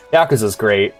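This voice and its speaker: A young man giving casual, excitable gameplay commentary, swearing freely and laughing often. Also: fairly low pitch. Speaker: streamer.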